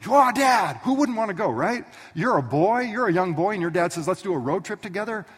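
A man voicing an eager young boy who is excited about a trip with his father. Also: high voice, a little fast, husky, voice pushed up. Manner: eager, breathless questions. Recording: echoey hall from some distance.

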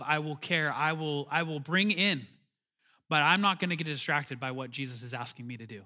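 A man's voice: a little high, pushed and bright. A man preaching a conversational sermon as pastor, calling for amens and building to emphatic bursts.

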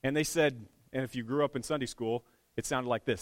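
A man preaching a sermon as a conversational, animated retelling, with restarts and light chuckles. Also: medium pitch, fairly quick, no room sound. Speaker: pastor. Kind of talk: storytelling sermon.

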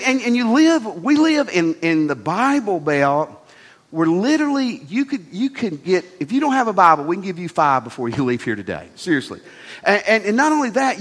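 A middle-aged pastor preaches in an animated, folksy style, repeating his key phrases. His voice sits high for a man and swoops widely from line to line. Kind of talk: sermon.

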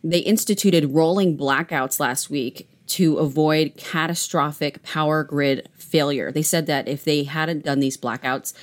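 A woman from Texas, hosting a casual chat and telling stories in an animated way. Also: low-pitched, a little slow, hardly any pauses. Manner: animated storyteller, acts out quotes.

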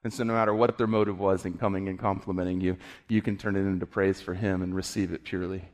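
A man preaching a conversational sermon as pastor, with frequent halting restarts, moving into prayer. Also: low voice, little pitch movement, a little mellow, big-room sound.

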